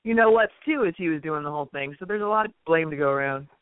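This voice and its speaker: A woman's voice: sits low, animated, fast, clear, resonant tone, dry recording. Chatty, indignant woman on a phone line. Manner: chatty, hesitant, with many fillers, then indignant. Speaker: radio guest and political writer. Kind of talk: conversational political talk. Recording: tinny phone-line sound.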